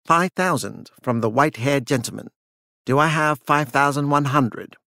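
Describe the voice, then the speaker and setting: A nervous, shaken auctioneer, as a male narrator puts him on talks in a hushed, faltering voice and then retreats into stiff professional formality. His voice sits slightly above the narrator's usual pitch. It is recorded close and dry. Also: moderate pace, creaky, dry recording.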